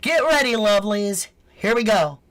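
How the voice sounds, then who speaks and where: A woman's voice: mid-range voice, lively intonation, moderate pace, a bit bright. A woman hosting a true crime channel, chatting casually with live viewers, greeting them and reading their names aloud, with casual swearing. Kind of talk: casual livestream chat.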